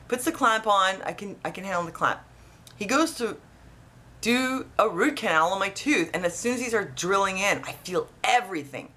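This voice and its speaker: A woman casually telling a personal story, rambling and animated with lots of restarts. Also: medium pitch, normal speed. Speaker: vlogger.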